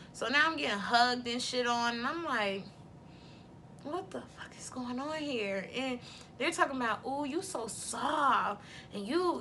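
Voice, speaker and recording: Brief: young woman vlogger, bright and forceful, blunt and profane, faint room hiss behind. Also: on the high side. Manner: blunt, profane and candid, often laughing. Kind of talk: casual storytime vlog.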